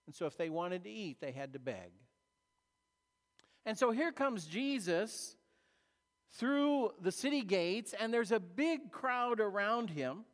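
High-voiced pastor preaching in an echoing hall. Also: male voice, very animated. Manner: storytelling, conversational, with dramatic pauses. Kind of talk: sermon. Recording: long reverb of a large hall.

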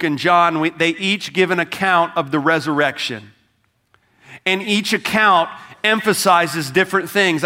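A man's voice: on the high side, pushed and bright. A pastor preaching an Easter sermon to his congregation in a conversational, emphatic way, speaking straight to them. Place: church service.

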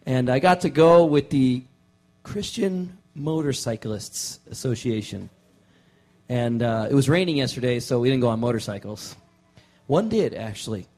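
A male pastor gives a laid-back sermon in a church, mixing jokes into his story. His pitch sits in the middle of the range, and he talks loosely with plenty of fillers and restarts. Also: moderate pace, faint music behind. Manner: relaxed and joking, with frequent fillers and restarts. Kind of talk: casual sermon. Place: church sanctuary.

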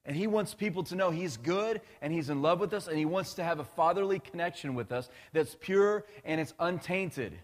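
A male pastor preaching a conversational, animated sermon, with restarts and asides to the congregation. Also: fairly high pitch, normal speed, few pauses. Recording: long hall reverb.

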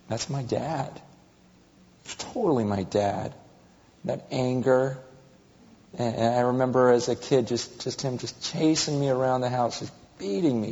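A man in his thirties preaching a sermon, telling stories animatedly and swinging between loud exclamations and hushed confession. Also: mid-range voice. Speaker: pastor. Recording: dull reverberant hall recording.

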